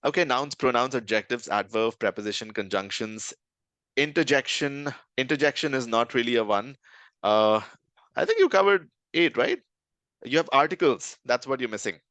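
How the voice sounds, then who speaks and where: A man leads a live online lesson in a steady, middle-pitched voice. He talks conversationally and keeps checking in with his listeners. The recording is dry and close, with no room sound. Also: normal speed, no echo. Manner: conversational, checks in with "right?" often. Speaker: communication trainer.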